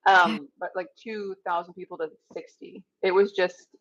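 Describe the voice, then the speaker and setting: A woman's voice: on the low side, steady tone, moderate pace, fairly bright tone, lo-fi sound. A woman hosting an interview over a video call, gushing with enthusiasm and stumbling through fillers. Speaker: host. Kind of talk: casual interview chat.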